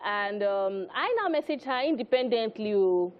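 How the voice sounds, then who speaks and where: A woman's voice: mid-range voice, animated, normal speed, few pauses, lo-fi sound. A woman with a Nigerian accent co-hosting a TV entertainment show, bantering and telling stories in a chatty way with frequent laughs. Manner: chatty, laughs often, acts out quoted dialogue. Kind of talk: lively studio banter and storytelling. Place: TV studio.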